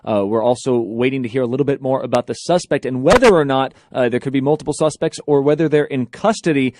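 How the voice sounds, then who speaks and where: A man reporting breaking news in a measured way with frequent fillers. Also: mid-range voice, background noise.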